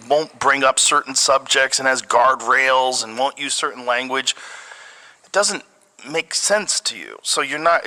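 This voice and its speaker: Bright-voiced profane podcast host, man. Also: mid-range voice, long reverb tail. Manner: profane, animated, acts out quoted voices. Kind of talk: casual chat. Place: podcast studio.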